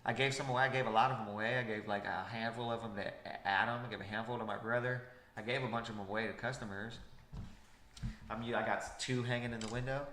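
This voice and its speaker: A man's voice: mid-range voice, steady tone, quick pace, fairly bright tone. A young man from Washington state hosting a podcast, talking in a casual, profane, teasing way. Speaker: podcast host. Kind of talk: casual chat. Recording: echoey room with faint noise.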